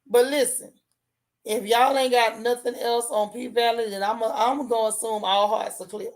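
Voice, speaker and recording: A woman's voice: a little high, fairly even intonation, normal speed. A woman hosting a casual gossip livestream, chatting with viewers in a sassy way and repeating lines for emphasis. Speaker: host of a gossip and TV recap livestream.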